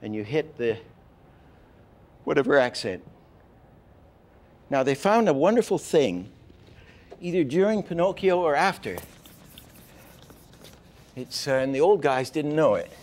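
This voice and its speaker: An older man teaching animation, telling stories in a lively way and acting out example lines, with many restarts. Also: on the high side, a little slow, pauses often. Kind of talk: lecture with acted-out examples.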